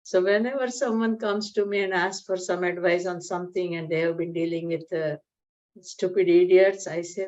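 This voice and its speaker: A woman leads a scripture study class, explaining terms in an easy conversational way. Her voice sits on the lower side. The recording is dull and lo-fi. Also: fairly even intonation, normal speed, a little mellow. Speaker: Gita study class teacher. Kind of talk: spiritual lecture with a joke. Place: community class room.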